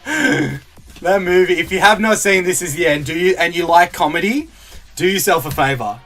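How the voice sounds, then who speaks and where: Chatty high-voiced man. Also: moderate pace, sharp tone, soft background music. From Australia. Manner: chatty, laughs a lot, reads out chat comments. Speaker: streamer opening card packs. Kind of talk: casual live-stream chat.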